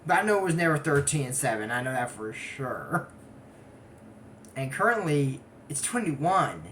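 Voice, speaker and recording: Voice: medium pitch, big pitch swings, moderate pace, a bit bright, slight background noise. A speaker in their twenties giving a casual, rambling recap of a cartoon episode, full of digressive asides. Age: 20s. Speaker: anime episode reviewer.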